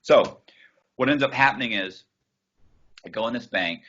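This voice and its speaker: A man's voice: mid-range voice, normal speed, fairly bright tone, dull audio. A man in an interview telling a story casually and bluntly, acting out the dialogue and swearing freely. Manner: acts out dialogue from his story.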